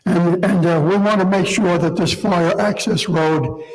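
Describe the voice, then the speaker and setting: A hoarse man, a local resident giving public comment, halting and apologetic, repeating his words. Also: high-pitched, fairly even intonation. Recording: long reverb in a meeting hall.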